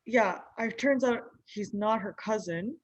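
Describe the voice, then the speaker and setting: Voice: mid-range voice, measured pace, no echo, natural voice, poor audio. A performer playing a naive young husband who rambles in an improvised comedy bit, padding every phrase with "like". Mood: earnest. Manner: rambling, full of "like", mimics others' voices. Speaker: recurring comedy character.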